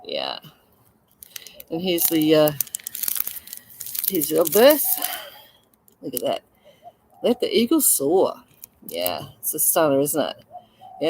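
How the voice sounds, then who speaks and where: Low-pitched Australian woman, chatty livestream seller, gushing and loose with fillers. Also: darkish tone, slight background noise, rough recording. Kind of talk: casual live selling chat.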